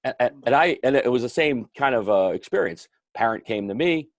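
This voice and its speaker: A man's voice: mid-range voice, animated, brisk, no echo, studio quality. A man who coaches youth hockey, talking in a rambling way with many restarts in a casual podcast discussion.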